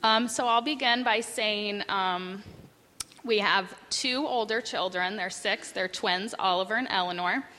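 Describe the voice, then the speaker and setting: A woman's voice: medium pitch, measured pace, sharp tone. A woman in her thirties, a church member sharing a personal testimony into a handheld mic, speaking casually with some hesitation. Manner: casual, a little hesitant with fillers. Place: church sanctuary. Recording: long reverb of a large hall.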